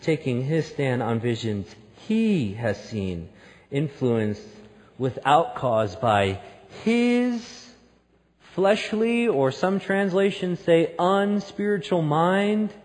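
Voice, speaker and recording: Male pastor, storytelling sermon, a bit high-pitched, reverberant hall sound. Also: sing-song, slow. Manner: storytelling, building to loud emphatic peaks.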